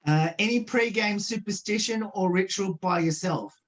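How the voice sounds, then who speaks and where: A woman's voice: mid-range voice, normal speed, a little hiss or hum. A woman radio host interviewing a guest over a video call, reading her questions with many "um" and "uh" fillers. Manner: reads questions, hesitant fillers. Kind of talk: remote interview.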